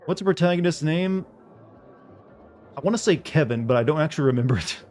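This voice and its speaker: A young man streams a video game and rambles casually with viewers, packing his talk with filler words. His voice sits on the high side with lively intonation at a moderate pace and a darkish tone, over a little hiss or hum.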